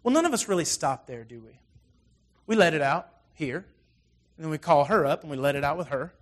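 Animated, high-voiced male preacher. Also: fairly quick. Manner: conversational, animated storytelling with frequent asides. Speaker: pastor. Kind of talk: sermon.

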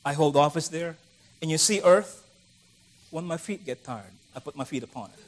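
A man's voice: on the high side, normal speed. A middle-aged man preaching a conversational sermon, acting out the voices of the people he quotes.

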